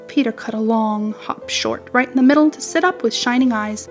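Woman narrator, children's storybook, fairly high voice, faint music underneath. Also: moderate pace, few pauses.

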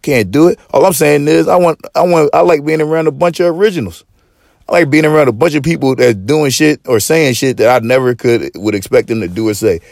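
A man's voice: fairly high pitch, a little fast, creaky, a little mellow, no echo, clean studio sound. A man hosting a podcast, ranting in casual slang with lots of swearing and stop-start restarts. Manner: profane, rambling, with frequent restarts; preachy street-slang delivery. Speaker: podcast host.

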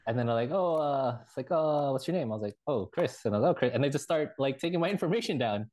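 A man co-hosting a podcast, telling halting, rambling anecdotes in casual chat with laughs. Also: medium pitch, animated, darkish tone. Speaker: podcast co-host.

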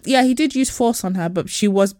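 A woman in casual podcast chat, her voice at a middle pitch and recorded dry and close. She tells stories with animation, slipping into the voices of the people she describes. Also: brisk, no echo. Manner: animated storytelling, acting out quoted people. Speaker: podcast co-host.

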